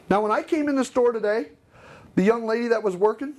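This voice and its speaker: A man's voice: very high-pitched, brisk. A middle-aged man giving a live customer service training seminar, joking and acting out customers. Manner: animated, joking, acts out customers.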